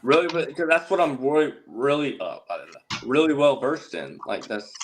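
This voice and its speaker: A man with a lively, animated voice that swings widely in pitch, chatting as a livestream guest. He rambles and jokes, stopping to correct himself mid-sentence. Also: moderate pace, a little hiss or hum. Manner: rambling, self-correcting, joking. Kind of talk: casual chat.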